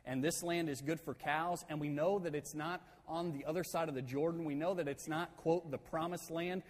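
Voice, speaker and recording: A preacher playing a band of cattle-herding tribesmen who pitch a bargain to their leader. They speak in a persuasive, deal-making way, a little higher than average for a man, and the voice carries a long hall reverb. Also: fairly even intonation, moderate pace, natural voice. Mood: pleading.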